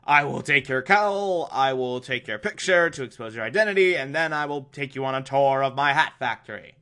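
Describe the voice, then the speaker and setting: A man's voice: mid-range voice, animated, brisk, bright, forceful tone. Mad Hatter, a gloating villain, as a man puts him on. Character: scheming grown male villain, hat-obsessed.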